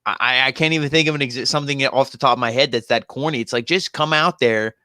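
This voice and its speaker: A man's voice: mid-range voice, pushed and bright, clear, resonant tone, dry recording, studio quality. A man co-hosting a wrestling review show, chatting casually and rambling with lots of fillers. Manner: rambling, filler-heavy, quick asides. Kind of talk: casual chat.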